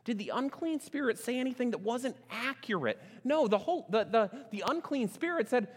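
A man preaching a sermon as a pastor, speaking emphatically and swinging between loud passages and hushed ones. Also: high voice, lively intonation, a little fast, hardly any pauses. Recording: long reverb of a large hall.

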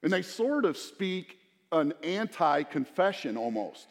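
Middle-aged male pastor, slightly high voice, chatty storytelling sermon, long reverb tail. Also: sing-song, unhurried, vocal fry. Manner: conversational, storytelling preacher with asides to the congregation.

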